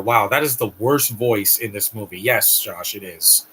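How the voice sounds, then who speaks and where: A man's voice: fairly low pitch, measured pace, pushed and bright, slight background noise, low-quality recording. A man hosting a live stream, giving a blunt, ranting movie reaction commentary with frequent restarts.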